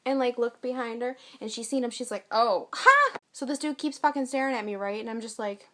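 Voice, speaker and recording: A young woman with a slightly high voice tells her own stories for a casual vlog. She talks bluntly and swears freely, acting out her side of each exchange as she goes. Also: steady tone, fast talker, a little mellow. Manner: blunt, profane, with acted-out quotes. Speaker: vlogger.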